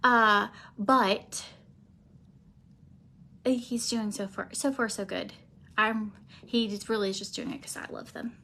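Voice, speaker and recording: A woman chatting casually through a makeup routine, rambling with many fillers and pausing to talk to her cat. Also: mid-range voice, fairly even intonation, sharp tone. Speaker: beauty vlogger.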